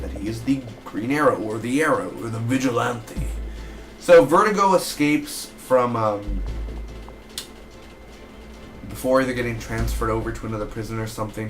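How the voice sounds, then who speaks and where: A man giving a casual, excitable spoken review of a TV episode, rambling with fillers as he recaps. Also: medium pitch.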